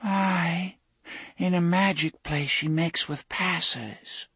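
A woman's voice: lowish voice, extremely slow, fairly bright tone, slightly rough, no room sound, voice pushed up, full character voice. A man doing a dreamy, entranced young woman. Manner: dreamy sing-song lilt.

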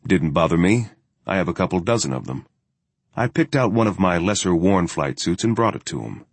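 Low husky man narrating a journal. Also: sing-song, brisk, no room sound. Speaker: audiobook narrator. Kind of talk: first-person journal narration.

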